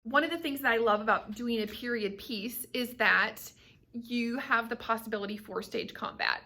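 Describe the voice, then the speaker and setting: A woman's voice: on the high side, moderate pace, pushed and bright. A woman directing a school play, upbeat and explanatory in a behind-the-scenes interview.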